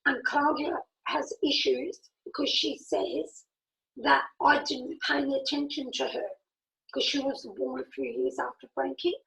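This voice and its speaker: Animated storytelling woman, high gravelly voice. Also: measured pace, poor audio. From Italy. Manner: animated, acts out quoted dialogue, laughs often. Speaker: speaker. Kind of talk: personal storytelling.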